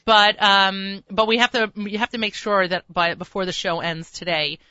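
Bright chatty New woman radio host. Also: medium pitch, steady tone, smooth, no echo, dull audio. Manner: chatty, rambling storyteller with quick asides. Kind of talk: casual radio chat. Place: radio studio.

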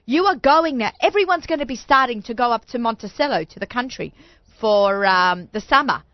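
A woman's voice: fairly high pitch, expressive, brisk, dry recording, dull audio. A woman hosting a studio talk show, chatty and bubbly, often talking over her guests. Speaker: host.

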